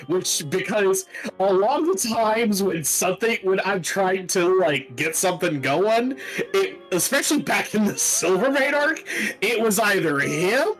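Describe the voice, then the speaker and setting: A man's voice: sits high, lively intonation, measured pace, fairly bright tone, faint music behind, rough recording. A man who runs a tabletop game, chatting casually in a rambling, exasperated way and swearing often. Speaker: dungeon master. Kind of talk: casual chat recapping a game. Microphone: home microphone, peaking when loud.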